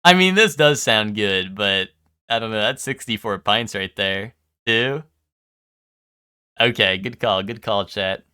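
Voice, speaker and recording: A young male streamer talks to his chat in a bright, crisp voice, rambling and swearing as he goes. The sound is dry and close. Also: medium pitch, dry recording. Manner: rambling, swears a lot, full of ums. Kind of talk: casual live-stream chat.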